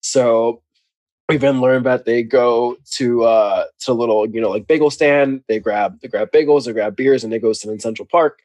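A man's voice: mid-range voice, moderate pace, dry recording. Dry-voiced man recapping a book. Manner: animated storyteller, laughs often. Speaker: podcast co-host. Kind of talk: casual book recap chat.

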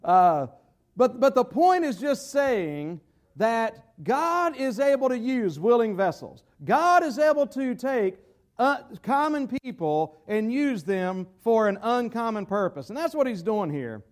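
A man with a Southern US accent preaching a sermon in a folksy way, often repeating words as he searches for the phrasing. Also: very high-pitched. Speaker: pastor.

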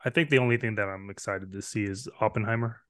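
Shy, low-voiced man. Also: fairly even intonation, quick pace, a bit bright. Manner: shy, brief, with fillers. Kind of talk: casual chat.

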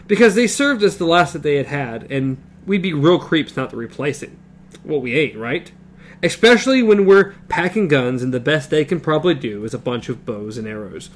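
A man reading a novel aloud with a partner, stopping to comment and correct himself. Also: on the high side. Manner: reads with comments and self-corrections. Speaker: reader.

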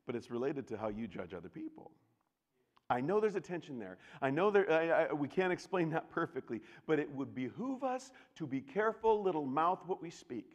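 A man preaching a sermon as pastor, talking casually with the congregation and swinging from loud bursts to hushed, near-whispered lines. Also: medium pitch, lively intonation, a little fast. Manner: conversational, with restarts and asides to the congregation. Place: church sanctuary. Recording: long reverb of a large church hall.

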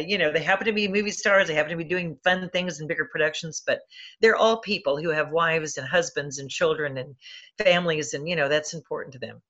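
A woman's voice: deep voice, a bit bright, muffled recording. A woman film critic telling chatty anecdotes about stars in an interview, with many restarts. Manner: chatty, lots of fillers and restarts.

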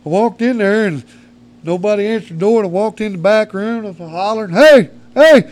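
A man doing his frantic, cursing buddy, pitched way up. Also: a little fast, close to an everyday voice. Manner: loud, cursing, breathless retelling. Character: rowdy foul-mouthed male buddy, frantic and excitable.

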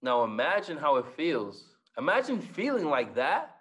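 A man's voice: fairly high pitch, wildly swooping pitch, moderate pace, fairly bright tone, slightly rough. A young man giving a motivational talk as a guest speaker, telling stories, acting out dialogue and repeating key lines for emphasis.

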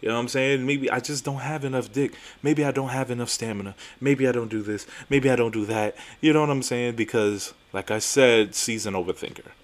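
A young man hosting a podcast, telling a story in a casual, animated, profane and self-mocking way, with emphatic repetitions. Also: mid-range voice, a little fast, hardly any pauses. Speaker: podcast host.

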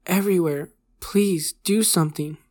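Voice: medium pitch, little pitch movement, moderate pace, natural voice. Narrator voicing a terrified dying young man. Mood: pleading. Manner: pleading, panicked, breaking into sobs. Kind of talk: horror story reading.

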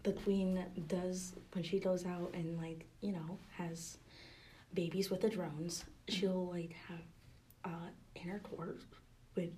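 A young woman co-hosting a podcast in casual chat, talking softly and half-whispering in a library, with frequent giggles. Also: lowish voice, level tone, takes it slowly, a little hiss or hum. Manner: hushed, near-whispering, giggly. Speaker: podcast co-host.

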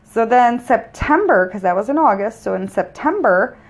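A woman co-hosting a casual true-crime podcast, telling stories in a joking, animated way and swearing freely. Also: on the high side, normal speed, slightly rough. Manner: profane, joking, animated storytelling. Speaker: podcast co-host.

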